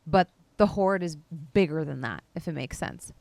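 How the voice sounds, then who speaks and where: A woman's voice: low voice, normal speed, gravelly, no echo. Dry-voiced woman running a tabletop game. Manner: relaxed, chatty, with frequent "like" and "um". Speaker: game master.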